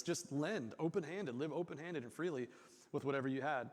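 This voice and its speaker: A man gives a sermon in a church, talking in a loose, conversational way and slipping into quoted voices. His voice sits a little high for a man. The sound carries a long reverb from the hall. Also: brisk. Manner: casual, conversational, acts out quotes. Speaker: pastor.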